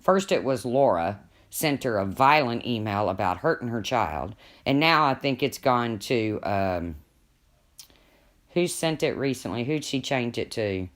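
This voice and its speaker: A woman's voice: rumbling low, expressive, measured pace. A woman hosting a casual live stream from home, gossiping with viewers and talking to her pets in between.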